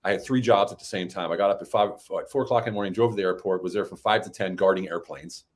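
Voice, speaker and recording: A middle-aged man telling stories as a podcast guest, animated and climbing high in pitch when he acts out what people said. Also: quick pace. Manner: animated, rises high when acting out quotes. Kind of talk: casual storytelling.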